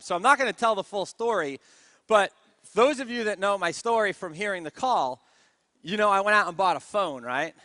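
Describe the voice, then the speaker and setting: A man with a high, ringing voice gives a motivational stage talk about network marketing. He tells his story with energy and keeps asking the room for answers. The sound is close and dry. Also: sharp tone, no room sound.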